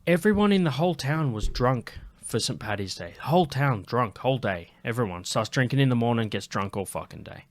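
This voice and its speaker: A man voicing a chatty middle-aged Irish woman at a pub, with a rough put-on Irish accent. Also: medium pitch, lively intonation, brisk, few pauses, natural voice. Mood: gossipy. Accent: Irish, put on badly. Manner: sweary, storytelling.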